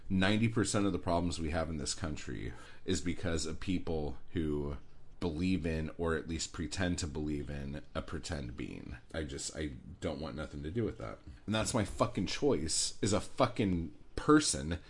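A man's voice: extremely low pitch, normal speed, slight background noise. A man hosting a podcast, delivering an angry, profane, sarcastic rant. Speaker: podcast host.

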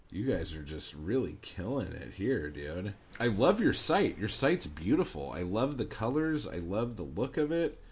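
Husky, profane ranting man. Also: fairly low pitch. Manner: angry, sweary, sarcastic. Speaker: podcast host. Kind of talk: profane rant monologue.

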